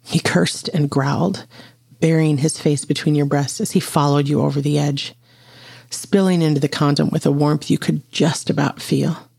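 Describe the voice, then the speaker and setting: Husky storyteller, gravelly, intimate steady reading, dry close recording. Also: medium pitch, normal speed, no room sound. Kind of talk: scripted narration of an audio story.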